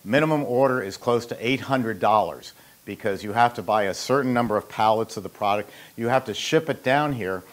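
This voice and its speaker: A man's voice: fairly low pitch, fairly quick. A man hosting a how-to show and talking casually about his trade, rambling through anecdotes with joking asides. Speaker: host and ice machine maker. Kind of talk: casual instructional talk.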